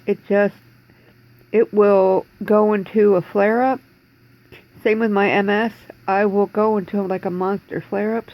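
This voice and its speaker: A woman's voice: medium pitch, dull audio. A woman in her forties talking in a rambling, distressed way in a personal video diary from home, holding back tears. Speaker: vlogger.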